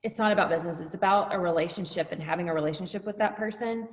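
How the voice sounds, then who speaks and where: A woman's voice: fairly low pitch, rapid-fire, long reverb tail. A woman sharing earnest, reflective thoughts on a group call, with a little hesitation. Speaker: meeting participant.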